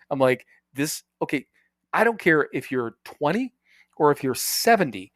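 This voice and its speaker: A man's voice: a little high, expressive, normal speed, dry recording, studio quality. A man co-hosting a podcast in casual chat, telling stories animatedly, laughing often and swearing freely. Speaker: podcast co-host.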